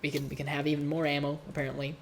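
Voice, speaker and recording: Male streamer, nasal and stuffed-up, loose self-mocking game commentary, steady noise under the mic. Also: on the high side, rapid-fire, gravelly. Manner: casual, rambling, self-mocking. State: congested, coughing. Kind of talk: live gameplay commentary.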